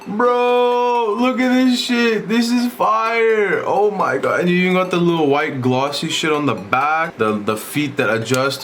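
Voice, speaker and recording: A young man with an American accent casually unboxing a keyboard, chattering excitedly in slang and calling his viewers "bro.". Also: medium pitch. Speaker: tech YouTuber.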